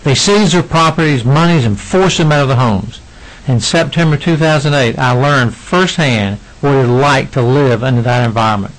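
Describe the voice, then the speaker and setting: A middle-aged man reading prepared testimony to a legislative committee, earnest and emotional, with halting restarts. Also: mid-range voice, poor audio. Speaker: citizen witness at a legislative hearing.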